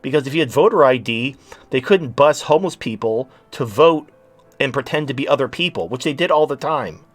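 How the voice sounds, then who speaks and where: A man's voice: medium pitch, animated, fairly quick. A man in his late thirties hosting a talk show, ranting in a blunt, sarcastic and profane way. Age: late 30s. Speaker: podcast host. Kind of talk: casual talk-show rant.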